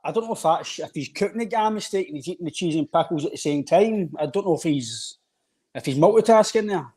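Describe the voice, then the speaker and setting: A man's voice: a little high, lively intonation, fast talker, a little mellow, husky. Laid-back Scottish man bantering. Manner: laughs easily, friendly banter. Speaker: podcast co-host. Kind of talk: casual live podcast chat.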